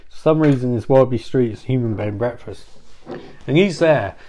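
A man's voice: medium pitch, fairly quick, mellow. A man hosting a podcast, talking through a rambling comedic monologue with self-interruptions, swearing and asides. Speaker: podcast host.

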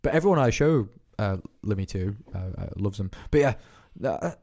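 A man's voice: fairly low pitch, animated, normal speed, dark tone. A man with a Scottish accent co-hosting a podcast in casual chat, blunt and sweary. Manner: blunt, sweary, frequent laughter. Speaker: podcast co-host.

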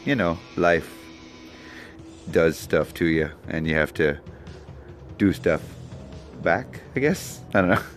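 A man's voice: low voice, lively intonation, takes it slowly, long pauses, soft background music. A man hosting a solo podcast, talking in a loopy, wandering, jokey way. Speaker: podcast host. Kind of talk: rambling solo podcast chat.

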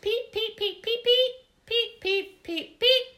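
A woman voicing a small girl who squeaks out tiny peeps in a very high voice. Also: takes it slowly, sharp tone, exaggerated voice. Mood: giddy. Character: squeaky little girl peeping wildly.

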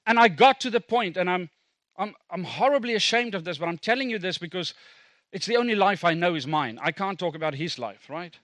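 A man's voice: high-pitched, lively intonation, fairly quick, a bit bright, no echo. A middle-aged South African man, a native Afrikaans speaker, preaching a sermon as a pastor in a conversational, self-deprecating way with asides to the congregation.

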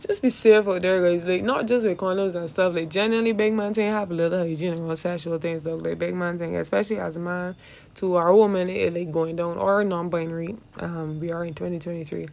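A woman hosting a loose, meandering podcast chat, with a gravelly, creaky edge to her voice. She rambles and swears freely, laughs often, and throws in "dog" every few words. Her pitch sits in a middle range. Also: fast talker, darkish tone. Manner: rambling, profane, says "dog" constantly; laughs often while talking. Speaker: podcast host. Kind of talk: casual chat.

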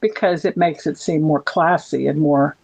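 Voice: medium pitch, normal speed, gravelly, a little mellow, slightly rough, low-quality recording. A podcast co-host chatting casually, rambling with many fillers and restarts. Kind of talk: casual chat.

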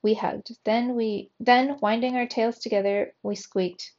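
A woman reading a storybook aloud to young students in an expressive, lively way, on a dull lo-fi recording. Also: fairly high pitch, a little slow.

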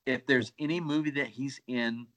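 A bright, forward-sounding man chatting enthusiastically on a podcast. He speaks at a middle pitch and throws in frequent exclamations. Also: fairly even intonation, moderate pace. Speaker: podcast co-host. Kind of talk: casual chat.

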